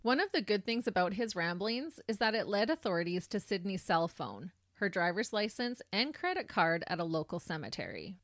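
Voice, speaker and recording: A woman co-hosting a true crime podcast, telling the details of a case in a casual conversational way that turns animated when she reacts. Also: medium pitch, moderate pace, few pauses, no echo, clean studio sound. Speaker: podcast co-host.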